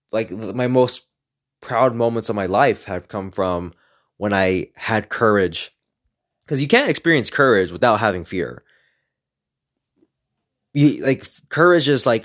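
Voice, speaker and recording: A young man casually telling personal stories in a rambling, profane way, getting animated as he retells them. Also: fairly low pitch, measured pace, long pauses. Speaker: speaker sharing personal stories. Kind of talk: casual storytelling monologue.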